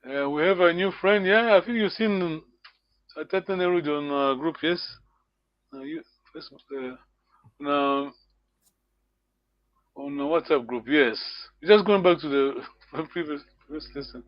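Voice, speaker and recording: A man teaching a language lesson over a video call, patiently repeating words slowly and chuckling often. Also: fairly high pitch, no room sound, muffled recording. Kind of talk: live online language lesson.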